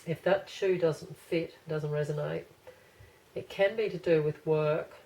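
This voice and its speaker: A woman's voice: deep voice, fairly even intonation, measured pace, warm tone, low-quality recording. A woman giving a casual pick-a-card tarot reading to camera, rambling and thinking aloud with many restarts.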